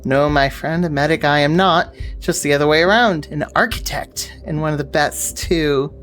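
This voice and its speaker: A woman's voice: deep voice, normal speed, fairly bright tone, soft background music, pitched below the performer's own voice. Woman reading as a boastful disgraced architect. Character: boastful disgraced male architect, pub owner.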